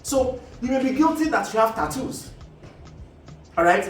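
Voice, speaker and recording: Speaking with a Nigerian accent, this man hosts and explains in a loose, rambling monologue peppered with "you know" and frequent restarts. His very high-pitched voice is lively at a moderate pace, with slight background noise; the distant mic picks up an echoey room and faint ambience.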